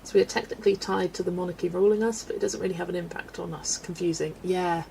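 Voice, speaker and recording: A woman's voice: lowish voice, fairly even intonation, quick pace, vocal fry, warm tone, slight background noise. A woman from the UK hosting a casual colouring livestream, chatting and laughing as she reads out viewer comments. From United Kingdom. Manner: chatty, rambling, laughs often, reads chat aloud. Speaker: livestream host reading chat. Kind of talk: casual chat while colouring.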